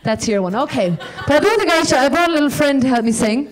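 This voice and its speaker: An Irish woman doing a stand-up comedy set on a live stage with a handheld mic, rambling and self-deprecating with dark humour. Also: high-pitched, lively intonation, fast, a crowd in the background.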